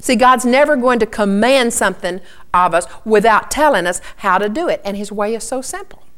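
A woman's voice: mid-range voice, animated, fairly quick, fairly bright tone. A middle-aged woman preaching a sermon, earnestly teaching and quoting scripture to her listeners. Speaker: Bible teacher.

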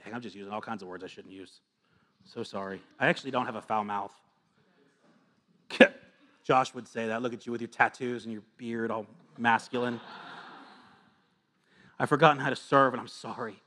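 Bright-voiced man preaching a sermon. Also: medium pitch, steady tone, moderate pace, long pauses. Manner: earnest and confessional, swinging from soft asides to emphatic repetition. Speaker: pastor.

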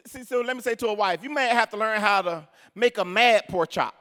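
A male pastor preaching a sermon in a church, telling stories, swinging from shouted lines to quiet asides. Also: sits high, a little fast. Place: church sanctuary with congregation.

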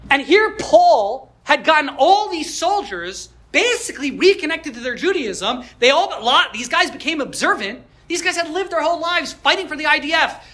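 A woman's voice: high voice, a bit bright. A woman teaching a Jewish history class for a podcast. She speaks earnestly, builds her points with rhetorical questions, and mixes in Hebrew religious terms.

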